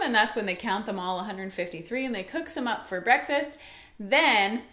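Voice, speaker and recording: In an echoey room at home, a young woman teaches a children's Bible lesson for Sunday school, using playful voices to tell the story. Her voice is a little high, expressive, and fairly bright, at a normal speed.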